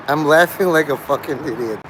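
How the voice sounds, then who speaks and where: A man's voice: fairly high pitch, background noise. A man hosting a livestream, talking to his chat in a crude, rambling way and laughing at his own jokes. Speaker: livestream host.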